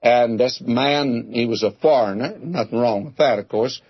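Husky-voiced preacher with folksy delivery. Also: male voice, medium pitch, normal speed, no room sound. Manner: folksy, addresses listeners as "my friend", tells homely jokes. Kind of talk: expository sermon. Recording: dull lo-fi recording.

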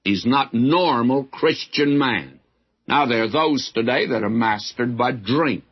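A man giving a slow, folksy verse-by-verse sermon with frequent asides. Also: medium pitch, husky. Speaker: Bible teacher. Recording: dull lo-fi old recording.

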